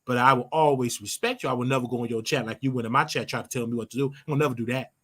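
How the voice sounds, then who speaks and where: A man's voice: medium pitch, rapid-fire, a bit bright, husky. An older man hosting his own show, giving a brash, scolding commentary monologue and drawing out words for emphasis. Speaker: show host.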